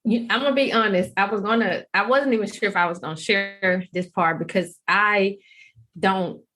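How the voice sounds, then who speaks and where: A woman's voice: mid-range voice, normal speed, a bit bright. A woman hosting a podcast interview, talking in an effusive, gushing and candid way. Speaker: podcast host. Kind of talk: casual interview talk.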